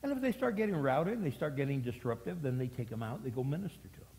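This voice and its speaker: A man preaching a sermon as pastor, telling stories with acted-out voices and sudden loud emphatic bursts. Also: medium pitch, fast, vocal fry. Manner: animated storytelling, acting out voices, jumps to loud emphatic peaks. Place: church sanctuary. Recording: long hall reverb.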